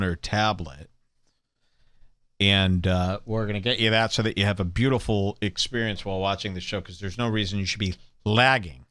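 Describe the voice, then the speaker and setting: A man hosting a live stream, mocking a rival show with sarcastic, salesman-like pitches. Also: fairly bright tone, dry recording, studio quality. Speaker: host. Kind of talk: mock-promotional live stream commentary.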